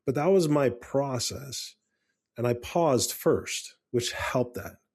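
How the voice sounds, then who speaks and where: A middle-aged man co-hosting a parenting podcast, talking calmly and earnestly, telling personal stories with frequent restarts. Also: medium pitch, slow pace, slightly rough. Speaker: podcast co-host. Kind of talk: casual podcast chat.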